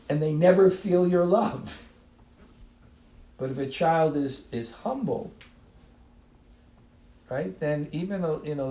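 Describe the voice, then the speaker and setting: Male spiritual teacher, devotional talk; slow, drawn-out delivery, restarts words, occasional chuckle; roomy echo. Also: on the high side, warm tone. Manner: unhurried, repeats and restarts words, chuckles now and then. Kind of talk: devotional talk on a live stream. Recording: echoey room.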